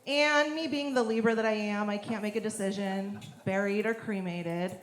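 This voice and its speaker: A woman in her thirties doing a stand-up comedy set on a club stage, with a deadpan, bawdy delivery. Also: medium pitch, normal speed. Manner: deadpan, bawdy punchlines, laughs at own jokes. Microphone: handheld stage mic. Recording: echoey club with crowd noise. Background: audience laughter.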